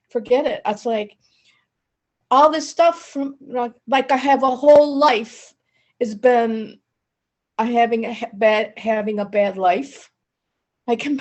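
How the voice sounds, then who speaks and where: Slow, gravelly woman speaking haltingly. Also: a little high, a little mellow. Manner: halting, emotional, many restarts. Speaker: study group member. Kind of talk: casual sharing in an online group. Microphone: video call.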